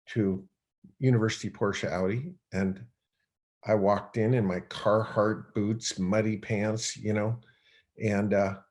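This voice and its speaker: A middle-aged man, a podcast guest, telling a personal story in a rambling, animated way with many restarts. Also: lowish voice. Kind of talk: storytelling in conversation.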